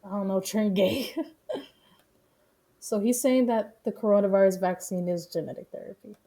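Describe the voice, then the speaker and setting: A woman's voice: medium pitch, fairly even intonation, normal speed, mellow. A young woman streaming, casually reacting with profane, joking commentary.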